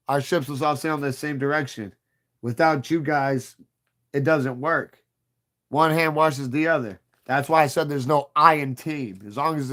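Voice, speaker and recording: A man's voice: fairly high pitch, a bit bright. A man in his thirties hosting a livestream, chatting casually and profanely with viewers in a rambling, playful way. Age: 30s. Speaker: livestream host.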